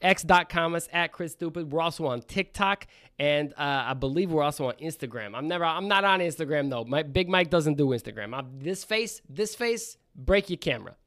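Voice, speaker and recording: A man's voice: fairly high pitch, lively intonation, moderate pace, fairly bright tone. A man voicing a brash, crude New York trash driver with a put-on New York accent that drifts toward Australian, rambling through an ad read. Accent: put-on New York with a bit of Australian.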